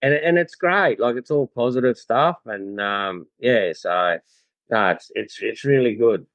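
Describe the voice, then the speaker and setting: An Australian man guesting on a podcast, telling stories in a relaxed way with many fillers and restarts. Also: medium pitch, a little slow, no echo, highs cut off. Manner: laid-back storyteller, lots of fillers and restarts. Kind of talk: casual chat.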